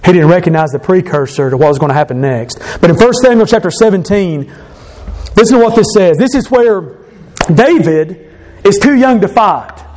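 A male preacher with a high voice delivers a sermon. He drives his points home by repeating phrases and tells the story with plenty of emphasis. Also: expressive, moderate pace, darkish tone, a little hiss or hum. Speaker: pastor.

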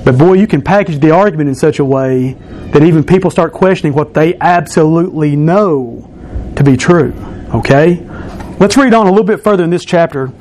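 A man's voice: on the high side, fairly quick, a little mellow, slight background noise. A man in his thirties, a pastor preaching in a church, teasing and bantering with his congregation during an object lesson. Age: 30s.

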